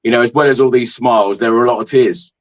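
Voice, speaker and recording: A man's voice: mid-range voice, steady tone, fast talker, rough recording. A man hosting a casual podcast chat, speaking with lots of hesitations and restarts. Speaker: podcast host.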